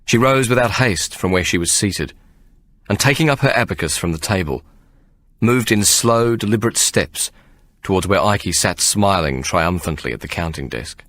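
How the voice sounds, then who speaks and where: A man narrating an audiobook with measured, expressive storytelling. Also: deep voice, no echo. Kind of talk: scripted narration.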